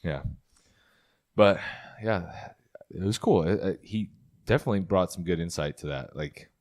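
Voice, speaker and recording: Low-voiced male host, relaxed and friendly in casual talk. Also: moderate pace. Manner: easygoing, hearty sign-offs. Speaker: podcast host. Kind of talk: casual chat.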